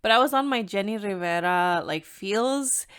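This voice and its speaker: A woman's voice: medium pitch, expressive, normal speed, fairly bright tone, clean tone. A young woman with a Mexican-American accent chats through her solo podcast, candid and easygoing. She drops Spanish into her English as it comes to her and laughs often along the way. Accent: Mexican-American English with Spanish code-switching. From United States, Mexican-American. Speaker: podcast host. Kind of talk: casual solo podcast chat.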